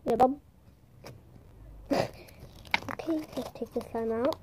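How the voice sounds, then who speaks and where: A woman's voice: on the high side, slow pace, heavy background noise. A young woman chatting casually as she shows off toy squishies and slime, bubbly and playful, sometimes dropping into a whisper and making little sound effects. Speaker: vlogger showing squishies and slime. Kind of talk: casual show-and-tell with ASMR bits.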